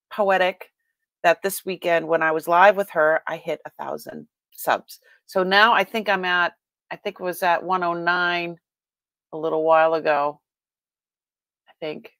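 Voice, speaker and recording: A woman's voice: fairly low pitch, dry recording. A woman with a Boston accent hosting a casual live-stream sale, chatting and greeting viewers by name with frequent laughs.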